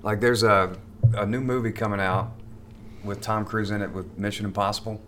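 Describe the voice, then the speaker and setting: A man's voice: lowish voice, steady tone, normal speed, fairly bright tone, slight background noise. A man, a stand-up comedian, chatting casually as a podcast guest, stammering and restarting often as he rambles.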